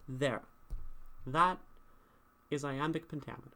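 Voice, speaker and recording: Male streamer, measured pace, casual poetry critique that sounds out meter as he goes. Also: mid-range voice. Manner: thinking aloud, tapping out rhythm with syllables.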